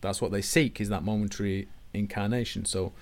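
Low-voiced man explaining calmly. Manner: measured, explanatory, drops low and quiet at phrase ends. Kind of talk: conversational discussion.

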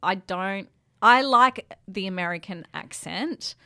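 A young woman co-hosting a casual podcast, playful and teasing and quick to laugh. Her voice sits at a middle pitch and is recorded dry and close. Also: sharp tone, dry recording. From Australia. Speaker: podcast co-host. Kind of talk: casual chat.

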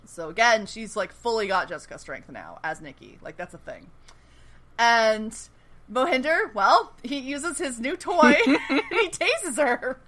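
A woman co-hosting a casual chat, recapping a TV show, animated and swearing freely as she acts out the characters' lines. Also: on the high side, measured pace. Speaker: podcast co-host.

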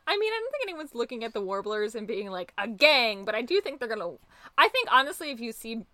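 A woman's voice: a little high, sing-song, a little fast, sharp tone, no echo. A woman co-hosting a casual chat, recapping a TV episode, chatty and swearing, acting out quotes. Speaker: podcast co-host.

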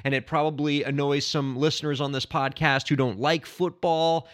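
A man hosting a podcast, talking casually and excitably, bursting into shouts and ending up out of breath. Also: a little high, normal speed, few pauses. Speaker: podcast host. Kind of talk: casual solo podcast talk.

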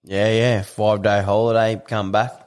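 A man's voice: on the low side, level tone, normal speed. A man co-hosting a casual podcast, blunt and swearing, mostly chipping in with short interjections. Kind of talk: casual chat.

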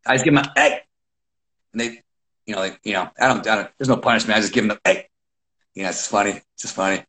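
Animated man telling coaching stories. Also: on the low side, racing, low-quality recording. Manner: animated, acts out quotes, frequent restarts. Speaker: wrestling coach. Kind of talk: casual podcast storytelling.

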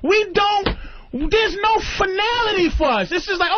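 High, lively, husky-voiced man ranting. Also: normal speed, dry recording. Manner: animated, puts on voices mid-rant. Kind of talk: casual comedic chat. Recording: muffled lo-fi podcast audio.

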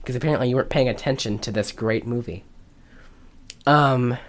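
A woman's voice: very deep voice, fairly quick, background noise. A young woman co-hosting a podcast, casually recapping a movie and acting out the characters' lines in exaggerated voices. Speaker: podcast co-host.

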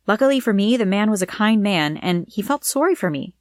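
A woman's voice: mid-range voice, animated, brisk, dry recording. A woman reading a first-person story aloud in an earnest, plain way. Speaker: narrator.

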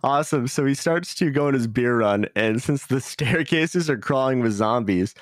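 A man's voice: medium pitch, lively intonation, normal speed, no echo, studio quality. A man hosting a casual anime podcast, joking and recapping episodes with frequent laughs. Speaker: podcast host.

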